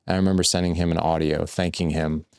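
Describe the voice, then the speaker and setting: A man with a very low voice and a gravelly edge, sitting as a podcast guest. He tells his story loosely and candidly, repeating "like" and "I was like". The sound is dry and close. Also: flat delivery, quick pace, a little mellow, no echo. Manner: loose and repetitive, full of "like" and "I was like". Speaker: podcast guest, fatherhood coach.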